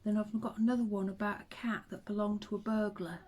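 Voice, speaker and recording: A woman, chatting to the camera and telling old stories in a relaxed, reminiscing way. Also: medium pitch, fairly quick, breathy edge. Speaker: vlogger. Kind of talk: casual chat to camera.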